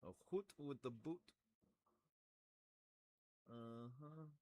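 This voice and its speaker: A man's voice: medium pitch, extremely slow, mellow, no echo. Rambling man chatting while he crafts. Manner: rambling, self-mocking, plays with words. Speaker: hobby crafter making model trees. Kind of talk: casual talk while crafting.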